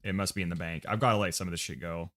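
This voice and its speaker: A man's voice: low-pitched, fairly even intonation, very fast, a bit bright. A man with an American accent casually talking to himself and reading chat while setting up a game loadout on a livestream. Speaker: streamer.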